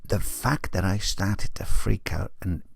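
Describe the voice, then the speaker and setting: A man talks through a song in a deep, gravelly voice with a husky edge. He muses slowly and drops into hushed asides. The sound is close and dry. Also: no echo. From Wales. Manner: musing, drawn-out phrases with hushed asides. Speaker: music reaction host. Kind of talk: casual music reaction commentary.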